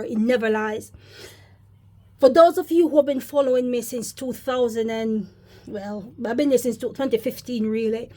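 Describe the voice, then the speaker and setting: A woman with a fairly high, mellow voice talks at normal speed, giving loose, rambling religious commentary to her viewers. This vlogger often calls them brothers and sisters.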